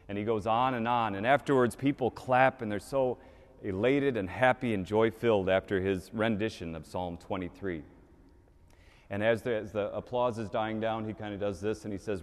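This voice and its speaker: A man's voice: fairly low pitch, moderate pace. A man preaching a sermon in a cathedral, telling a story and acting out the voices of the people in it. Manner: storytelling, acts out quoted voices. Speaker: priest. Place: large cathedral. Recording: long cathedral reverb.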